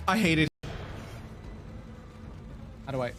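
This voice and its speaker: Man, live game streamer, high voice, very lively pitch, excitable, gasping and laughing, game music behind. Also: measured pace, pauses often. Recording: game music playing under the voice.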